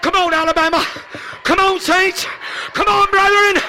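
A man preaching a Pentecostal sermon, moving from shouted calls to hushed storytelling, repeating phrases and speaking in tongues. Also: steady tone, normal speed, a little hiss or hum. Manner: swings from shouted exhortation to low hushed storytelling. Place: church service.

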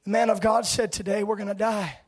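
A preacher acting out a frightened young son who cries out to his mother and father in panic, shouting and pleading. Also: sits high, fairly even intonation, a little fast. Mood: scared pleading. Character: terrified young son crying to his parents.

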